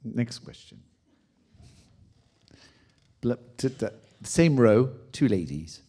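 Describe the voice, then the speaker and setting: A man with a French accent answers questions from an audience. His voice sits at an ordinary middle pitch. He talks in a lively, playful way and laughs easily. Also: takes it slowly, husky. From France. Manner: playful, expressive, laughs often. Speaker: guest author and actor. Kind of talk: audience Q&A conversation.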